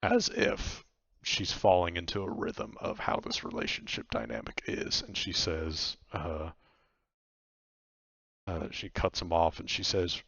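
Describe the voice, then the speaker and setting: A man's voice: sits low, big pitch swings, unhurried, creaky, fairly bright tone, breathy edge, no echo, dull audio. A man narrating a tabletop game as game master, in a casual, loose way.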